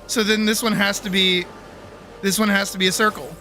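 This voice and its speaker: A very high, bright voice belongs to a man streaming a game, ranting and swearing loudly at a puzzle. He moves between disbelieving complaints and yelling fits, with faint game music under his voice. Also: flat delivery, brisk, gravelly. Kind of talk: live gameplay commentary.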